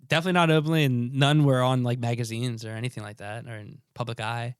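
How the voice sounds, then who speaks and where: A man's voice: mid-range voice, steady tone, fast, clear, resonant tone, no room sound, studio quality. A man co-hosting a podcast in casual chat, joking and loose, swearing now and then. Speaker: podcast co-host.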